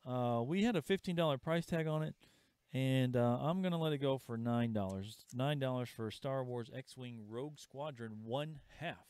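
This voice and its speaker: A man hosting a live comic shop sale, chatting casually and pitching items with asides. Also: moderate pace, darkish tone, clean tone, no echo. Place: comic store. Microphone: livestream camera mic.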